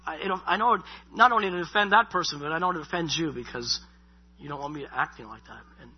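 A man's voice: high voice, a little fast. A middle-aged man preaching a sermon in a loose, conversational way, often repeating himself and saying "you know". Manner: conversational, repeats words, many you-knows. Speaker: pastor. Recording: dull lo-fi sound.

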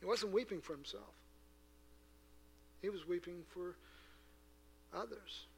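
A man preaching a sermon to a church congregation, earnest and full of rhetorical questions, moving between hushed asides and loud, emphatic passages. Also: high voice, unhurried, creaky, a little hiss or hum. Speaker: pastor.

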